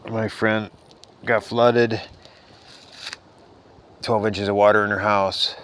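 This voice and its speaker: A man's voice: on the low side, flat delivery, takes it slowly, slight background noise. A man giving an earnest, rambling spiritual talk in a casual monologue, sounding a little tired. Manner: earnest, rambling, soft-spoken. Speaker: spiritual vlogger.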